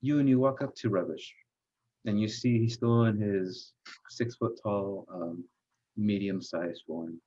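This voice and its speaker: This game master's voice is low and mellow as he leads a tabletop game. His narration stalls often, broken up by hesitations and filler sounds, and the recording comes across dull and lo-fi.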